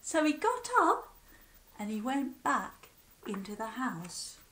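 Slow, animated woman reading a storybook. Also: on the high side, a little hiss or hum. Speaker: teacher. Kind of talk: reading a picture book aloud to children. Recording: echoey room.

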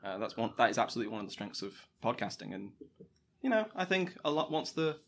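Male interview host, bright mid voice, brief and agreeable. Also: medium pitch, big pitch swings, quick pace, creaky, a little hiss or hum. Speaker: podcast host. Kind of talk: casual interview chat.

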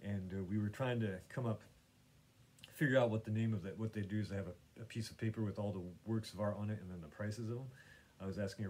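A man's voice: fairly low pitch, brisk, a little mellow, husky. A man hosting his own podcast, chatting casually about painting and gallery visits in a meandering way, full of fillers and restarts. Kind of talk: casual rambling chat.

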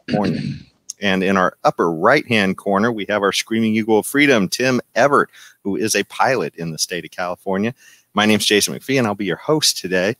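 Laid-back low-voiced male podcast host. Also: a bit bright, no echo. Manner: laid-back, loose, with many fillers and chuckles. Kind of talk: casual panel discussion.

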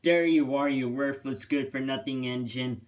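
A man's voice: mid-range voice, fairly even intonation, takes it slowly, close to an everyday voice. A man voicing a cross, scornful male villain engine in a storybook tale, threatening and blunt. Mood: angry.

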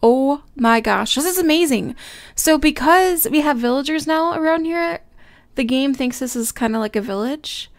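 A young woman hosting a casual gameplay commentary, gushing and excitable, often squealing with delight. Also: high voice. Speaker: Minecraft let's play host.

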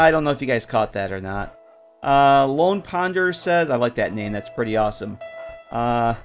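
A man's voice: mid-range voice, fairly bright tone. A man casually streaming a game, rambling with lots of fillers and chatting with viewers. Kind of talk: casual live-stream commentary.

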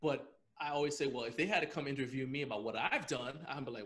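A man on a podcast recounting a story in a casual, rambling way, often breaking into laughter. His voice sits at an ordinary middle pitch, and he goes back over his words and stacks up fillers as he talks. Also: fast talker, few pauses. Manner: animated storyteller who laughs often while telling; loose, rambling with frequent restarts and fillers. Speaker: podcast guest.

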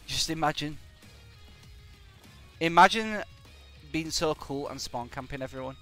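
A man's voice: a little high, a little slow. A man giving jokey, sarcastic live commentary while he plays a game. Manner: jokey, sarcastic, animated, bursts of exclamations. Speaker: live-streaming gamer. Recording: faint music in the background.

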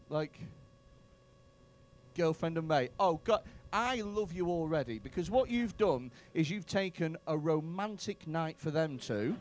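Lively high-voiced man doing crowd work. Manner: bantering, profane, mock-outraged. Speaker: stand-up comedian. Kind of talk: crowd work in a stand-up set. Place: comedy club stage.

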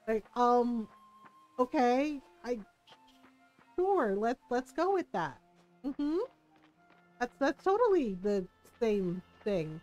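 A woman's voice: high voice, expressive, takes it slowly, darkish tone, soft background music. A woman streaming a game live, bubbly and giggly, rambling and joking at her own expense. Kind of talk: live gameplay commentary.

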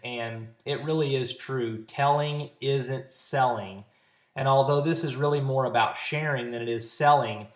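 An earnest man coaching his sales team in a casual talk to camera, recorded at home. His voice sits at an ordinary middle pitch. The room gives it a noticeable echo. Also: a bit bright. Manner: earnest and encouraging, coaching with practical tips. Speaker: network marketing trainer. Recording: roomy echo.

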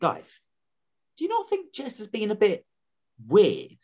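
A woman's voice: medium pitch, wildly swooping pitch, a little slow, mellow. A woman playing a cocky, lovesick young man in an online student drama. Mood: gossipy. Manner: gossipy, conspiratorial. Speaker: student actor. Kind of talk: online amateur drama over video call. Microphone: video call. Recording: dull lo-fi video call audio.

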